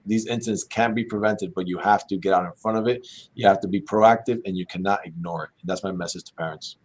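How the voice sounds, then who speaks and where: A man's voice: low-pitched, fairly even intonation, fast talker, husky. A middle-aged man, a school police chief, speaking earnestly and urging parents in a panel discussion.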